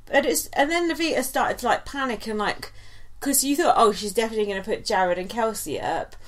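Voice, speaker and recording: A woman's voice: on the high side, fairly quick. A woman, co-hosting a podcast, chatting casually and gossiping, often giggling and quoting people in silly voices. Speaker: podcast co-host. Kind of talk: casual chat.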